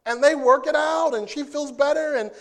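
A man preaching a sermon, playful and animated, who acts out scenes and jokes with the congregation. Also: very high-pitched, moderate pace, vocal fry. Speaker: pastor.

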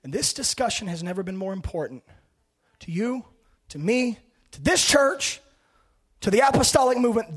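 A man preaching an impassioned sermon, swinging between fervent shouting and hushed, quiet passages. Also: sits high, big pitch swings, normal speed, breathy edge.

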